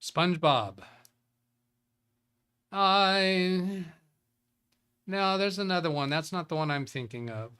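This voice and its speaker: A man's voice: high voice, animated, slow, pauses often, sharp tone, clean tone. A man hosting a live tech show, reading viewer chat and thinking aloud in a loose, rambling way. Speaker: tech livestream host.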